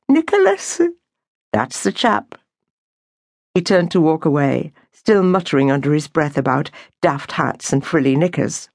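A woman's voice: lowish voice, no echo, studio quality. Woman narrating an audiobook. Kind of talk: scripted narration.

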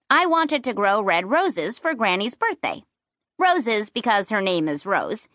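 A woman narrating a children's fantasy book in first person, with playful and expressive storytelling. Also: on the high side, no echo, clean studio sound. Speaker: audiobook narrator.

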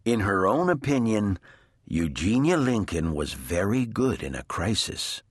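A man narrating a children's audiobook in a slow, expressive storytelling manner. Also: lowish voice, breathy edge, dry recording, studio quality.

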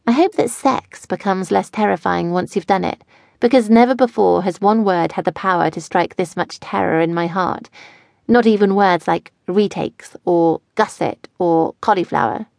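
A woman's voice: on the low side, moderate pace, gravelly, darkish tone, dry recording, clean studio sound. A woman narrating a first-person audiobook in a wry, chatty way. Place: studio.

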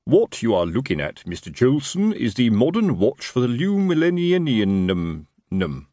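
A man's voice: mid-range voice, wildly swooping pitch, unhurried, mellow, no echo, studio quality, voice pushed up. A man playing a middle-aged city watch sergeant who talks expansively and self-importantly in a working-class way.

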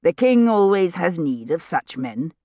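A woman's voice: fairly low pitch, very animated, measured pace, warm tone, no room sound, studio quality, full character voice. A woman voicing a courteous young male army officer with a grave, wry manner.

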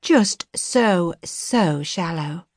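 A woman's voice: on the low side, expressive, a little mellow, dry recording, exaggerated voice. A woman narrator voicing a young Yorkshire woman, earnest and teasing, in an audiobook. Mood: excited. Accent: soft Yorkshire. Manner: teasing, idealistic, quick to mock. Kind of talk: audiobook character voice. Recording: dry studio recording.

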